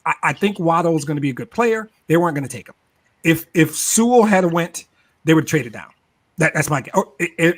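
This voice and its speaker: Male sports-talk regular, slightly high voice, animated and laugh-prone, casual podcast delivery. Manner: animated, repeats words, laughs often.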